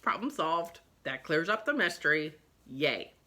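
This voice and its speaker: A woman voicing a breezy, easygoing male ship owner in a lively book retelling. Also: low-pitched, a little slow, voice pushed down, exaggerated voice. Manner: dismissive, chipper.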